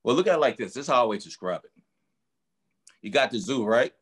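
A man's voice: mid-range voice, animated, fast talker, breathy edge. A man who coaches boxers, talking casually in an interview and explaining his work through emphatic, vivid analogies. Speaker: strength and conditioning coach for boxers.

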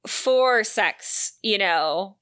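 Bright-voiced chatty woman discussing a book. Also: mid-range voice, expressive, drawn-out words, clean tone. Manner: chatty, many "like" and "you know" fillers. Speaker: podcast co-host.

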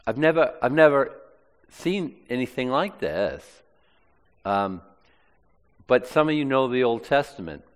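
A man's voice: mid-range voice, lively intonation, measured pace, long pauses, big-room sound. A male preacher reading aloud from the Bible and commenting on it in plain, conversational asides during a sermon.

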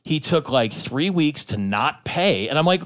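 A man's voice: fairly high pitch, lively intonation, measured pace, fairly bright tone, no room sound, studio quality. A man casually telling rambling, profane anecdotes as a podcast co-host, full of restarts. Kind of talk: casual storytelling chat.

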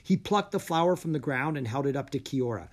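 A narrator reading a children's audiobook with expressive storytelling. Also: mid-range voice, fairly quick.

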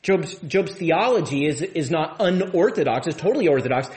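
A pastor preaching to his church, a man whose voice sits a touch high. He talks through the sermon casually, restarting phrases and doubling words as he thinks aloud. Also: lively intonation, moderate pace, a little mellow. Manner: conversational, repeats words and restarts often.

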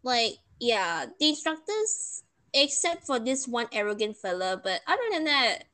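Animated young woman. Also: fairly high pitch, measured pace. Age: young adult. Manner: animated, emotional retelling. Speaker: storyteller. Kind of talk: casual chat.

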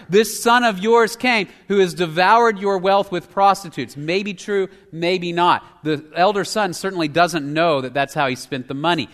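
A male pastor preaching a sermon, shifting between emphatic, loud passages and hushed, near-whispered lines. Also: sits high. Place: church sanctuary. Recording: long hall reverb.

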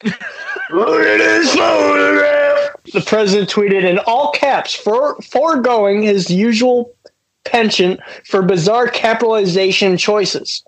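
A man's voice: sits high, measured pace, low-quality recording. A man co-hosting a casual podcast, reading a news story aloud and breaking into laughter. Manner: laughs through his reading, keeps breaking up. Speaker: podcast co-host.

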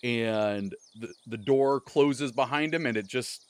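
A man's voice: medium pitch, takes it slowly, darkish tone, clear, resonant tone. A man recapping a tabletop game session as its game master, in casual rambling talk full of fillers and self-corrections. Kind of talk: casual podcast storytelling.

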